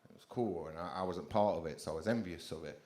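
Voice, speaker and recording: A man's voice: low-pitched, quick pace, darkish tone. A young man with a South London accent performing a stand-up comedy set, swearing freely and mocking himself in a punchy delivery on a club stage. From England.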